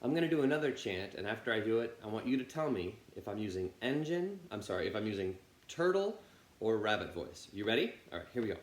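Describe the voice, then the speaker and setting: A man's voice: on the low side, very animated, quick pace. A man teaching an online children's music lesson, with an upbeat, encouraging manner as he talks straight to the kids. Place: music room. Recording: roomy with faint ambient noise.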